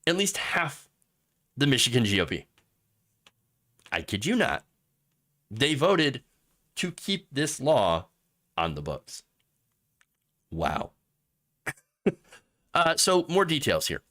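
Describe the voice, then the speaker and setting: A man hosting a live political commentary show, sarcastic and animated, laughing at his own jokes. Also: mid-range voice, takes it slowly, pauses often. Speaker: host.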